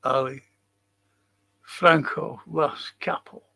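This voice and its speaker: A man's voice: on the high side, steady tone, takes it slowly, creaky, bright, forceful tone. A man hosting a fan live stream, ranting angrily with heavy swearing and arguing with his chat. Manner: heated, heavy swearing, combative. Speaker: fan show host reading live chat. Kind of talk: angry live-stream rant.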